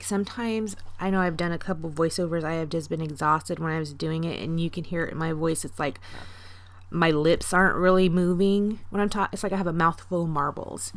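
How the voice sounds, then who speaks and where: Woman, lowish voice, casual rambling voiceover for a craft video, self-deprecating. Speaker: scrapbooking vlogger.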